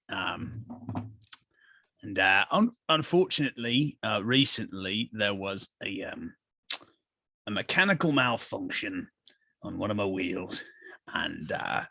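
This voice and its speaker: A man voicing a plain male carriage driver with a low, halting, hesitant delivery. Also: pushed and bright, no echo, full character voice.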